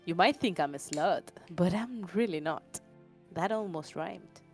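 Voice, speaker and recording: A woman's voice: on the low side, expressive, a little slow, darkish tone, soft background music. A woman doing a comedic reading on a stream, breaking off for wry, exasperated asides. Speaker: stream co-reader.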